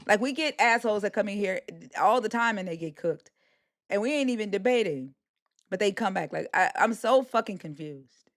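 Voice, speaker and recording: A woman's voice: medium pitch, animated, moderate pace, dry recording, studio quality. A woman hosting a live stream, talking in a brash, profane, taunting way. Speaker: livestream host. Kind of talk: heated live-stream rant.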